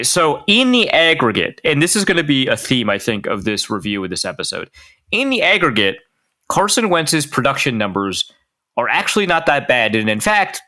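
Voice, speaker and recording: A man with a bright, forceful voice and a middling pitch talks through football tape on a podcast. He is animated and keeps cutting himself off mid-thought, laughing at his own jokes. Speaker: podcast co-host. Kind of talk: casual sports analysis chat.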